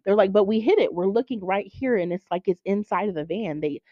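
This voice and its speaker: A woman hosting a faith podcast, telling stories in an animated way and acting out other people's voices. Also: medium pitch, brisk, no room sound. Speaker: podcast host. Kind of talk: faith podcast chat, storytelling. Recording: dull lo-fi sound.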